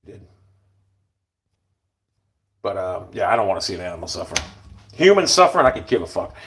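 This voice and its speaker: A man's voice: sits low, very animated, a little fast, a bit bright, a little hiss or hum. Blunt, profane middle-aged man rambling. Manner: blunt, profane, rambling, often drops to a mutter. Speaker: vlogger. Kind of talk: casual rambling monologue.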